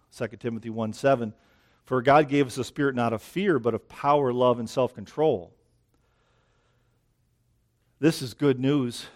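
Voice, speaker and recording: A man preaching a sermon outdoors, a little out of breath, in a conversational way that keeps checking in with the listeners. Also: mid-range voice. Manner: conversational, keeps asking "right?". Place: outdoors near dense greenery.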